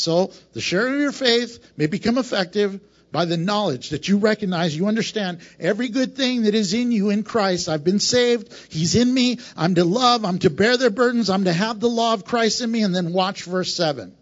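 A man preaching a sermon, swinging between emphatic loud lines and hushed, quieter passages. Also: high voice, brisk. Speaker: pastor. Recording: dull lo-fi sound.

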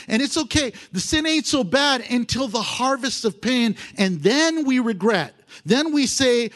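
Animated preacher, a man with a lively voice. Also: very high-pitched, moderate pace, hardly any pauses. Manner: animated, exhorting, with chuckles. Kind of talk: sermon.

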